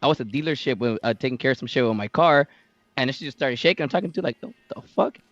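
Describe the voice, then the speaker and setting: A man co-hosting a casual podcast, animated and joking, cursing a lot. His pitch swings widely and he talks fast. The audio is dry and dull. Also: dry recording. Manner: animated, joking, swears freely. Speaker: podcast co-host.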